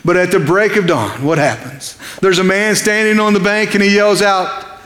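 A man's voice: high voice, normal speed, a bit bright, big-room sound. A man preaching an evening sermon in a conversational, impassioned way, asking his listeners questions.

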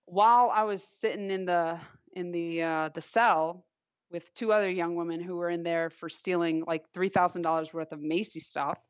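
A woman's voice: lowish voice, fairly even intonation, moderate pace, dry recording. A young woman from Long Island telling a personal story in a casual, chatty way, filling her sentences with "like.". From Long Island, New York. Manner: chatty, heavy use of "like" fillers. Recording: dull, lo-fi, dry recording.

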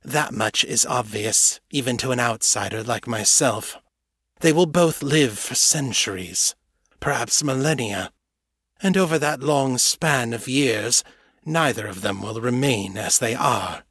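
A man voicing an ancient male skunk mage who speaks with flat, observational detachment. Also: mid-range voice, measured pace, breathy edge, no room sound, studio quality. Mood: detached.

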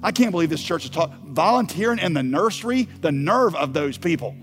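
A man voicing a petty, indignant churchgoer in a shrill, exasperated mocking tone. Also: animated, brisk, faint music behind, natural voice.

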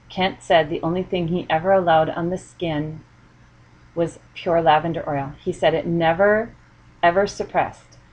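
A middle-aged woman with a husky, low-leaning voice tells stories in a casual monologue, laughing often and mimicking the voices of people she quotes. The audio sounds dull.

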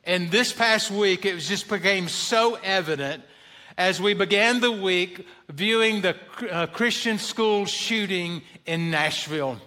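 Guy preaching a sermon, slow and emphatic, kinda high voice. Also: sharp tone. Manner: emphatic preaching, rising on questions and quotes. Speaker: pastor.

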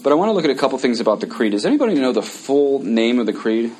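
A man's voice: mid-range voice, lively intonation, rapid-fire, a little mellow, slight background noise, rough recording. A man, a priest, teaching a casual class on the mass, explaining step by step and reciting prayers before commenting on them.

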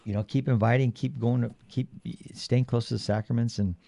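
A man co-hosting a Catholic talk show, speaking haltingly with many pauses and fillers. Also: mid-range voice, fairly even intonation, vocal fry, warm tone, no echo, studio quality. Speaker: Catholic radio co-host. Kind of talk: casual faith talk show chat.

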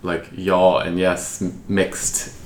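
A man's voice: low-pitched, slow. A man co-hosting a podcast, telling stories in casual chat and laughing often. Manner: relaxed storyteller, laughs often. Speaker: podcast co-host. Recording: echoey room with faint noise.

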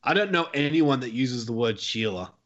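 A man's voice: medium pitch, lively intonation, moderate pace, fairly bright tone, highs cut off. A man with an Australian accent, an easygoing podcast guest explaining things in casual chat.

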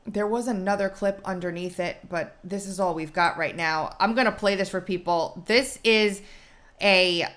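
A woman's voice: moderate pace, fairly bright tone. A woman hosting a talk show, setting up clips with chatty, wry commentary. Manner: chatty, wry, drops to low asides. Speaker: show host. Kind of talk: casual commentary.

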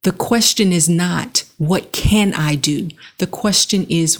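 Slow, earnest woman with a low voice. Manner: earnest, measured, pausing between phrases. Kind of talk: reflective monologue with guided breathing.

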